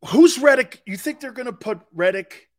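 A man's voice: very high-pitched, expressive, normal speed. A man hosting a sports talk show, chatting casually, joking and laughing as he answers viewers' comments. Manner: joking, laughing, wide swings in loudness. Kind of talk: casual chat, reading live chat.

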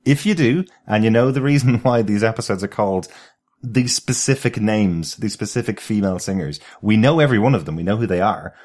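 A man with a low voice co-hosting a relaxed podcast. He talks in an easy, chatty way and keeps the tone light and jokey. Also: fairly quick. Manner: chatty and jokey, laughs easily. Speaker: podcast co-host. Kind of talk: casual podcast chat.

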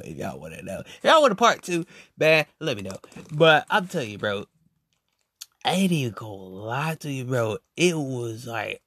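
A young man telling a story in a casual podcast monologue, animated and slangy, saying "bro" constantly. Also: medium pitch, no room sound. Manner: animated and slangy, every phrase ending on "bro".

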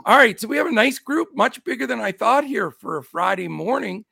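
A man's voice: very high voice, expressive, a little fast, gravelly, breathy edge, no room sound, studio quality. A middle-aged man with a scratchy voice hosting a casual sports betting show, upbeat as he greets his chat. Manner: upbeat, shouts out chat names. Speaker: show host.

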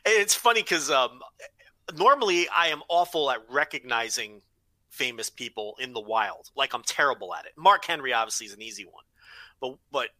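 A man hosting a podcast talks in a bright, crisp tone with a lively pitch. He chats casually, agrees often and drifts into rambling asides. The recording is close and dry. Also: moderate pace, dry recording, poor audio. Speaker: podcast host. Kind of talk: casual chat.

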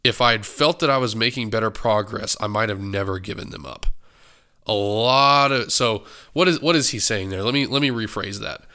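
A man's voice: on the low side, moderate pace, bright, forceful tone, smooth. A man hosting a book club podcast alone, talking casually about a book with a stuffed-up nose, often correcting himself and joking along the way. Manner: rambling, self-correcting, joking. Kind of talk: casual solo podcast commentary.

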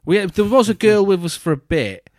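A man's voice: high voice, animated, moderate pace, dry recording. A middle-aged man, telling a long, rambling story in casual podcast chat, full of restarts and fillers. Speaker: podcast co-host.

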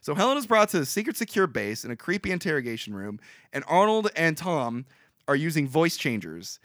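A young man retells a film scene by scene in loose, rambling podcast chat, laughing easily. His voice sits a little high and leaps around in pitch. The sound is close and dry. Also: fairly quick, no echo. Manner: rambling, animated, laughs often. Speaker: podcast co-host recapping a movie. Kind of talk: casual chat.

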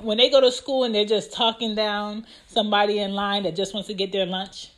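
Exasperated young mom telling a story. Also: female voice. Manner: animated, exasperated, acts out quoted lines with big jumps in pitch and loudness. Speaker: mother telling a parenting story. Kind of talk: casual storytelling monologue.

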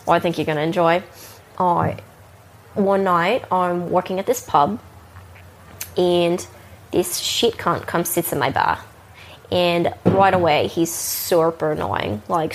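Husky woman with a Kiwi-NorCal accent. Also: lowish voice. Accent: Kiwi and Northern Californian mix. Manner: slangy, swears freely. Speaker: bartender telling a story. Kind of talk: casual storytelling.

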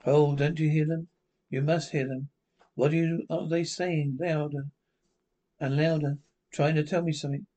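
A man's voice: a little high, flat delivery, normal speed, warm tone, natural voice. A man playing a haunted, tormented lecturer who narrates his own descent into madness, in a 1930s radio drama. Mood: anguished. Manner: anguished, breathless, theatrical. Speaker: narrating protagonist.

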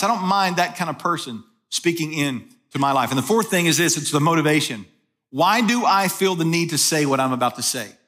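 Guy preaching a sermon, high-ish voice, talks to you like a chat. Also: fairly bright tone. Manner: conversational, asks rhetorical questions. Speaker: pastor.

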